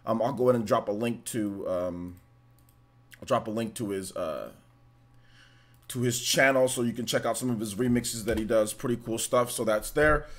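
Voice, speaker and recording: A man hosting a casual gaming livestream, upbeat and rambling as he greets chatters by name. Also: medium pitch. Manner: loose and rambling, many fillers. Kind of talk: casual live-stream chat.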